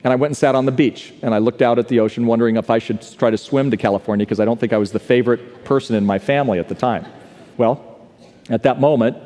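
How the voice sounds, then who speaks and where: A man's voice: on the low side, dark tone. A man telling a personal story during a live sermon in a large church, earnest and confessional, building to repeated declarations. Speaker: speaker. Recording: live hall recording.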